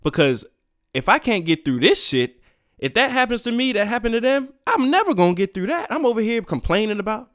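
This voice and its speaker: Man hosting a solo rant podcast, slightly high voice, dry close sound, cursing and emphatic. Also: fairly quick, dry recording. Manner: profane, emphatic, animated swings between loud and quiet. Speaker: podcast host. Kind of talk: solo ranting podcast monologue.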